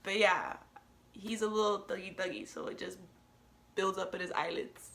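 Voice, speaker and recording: Young female podcast host, bright tone, earnest and preachy, laughs a lot. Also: mid-range voice, steady tone, normal speed, gravelly, a little hiss or hum. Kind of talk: candid solo podcast talk.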